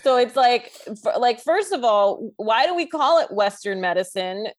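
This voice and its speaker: A woman in a casual podcast discussion, talking in an animated way with many fillers and laughing asides. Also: on the high side, moderate pace.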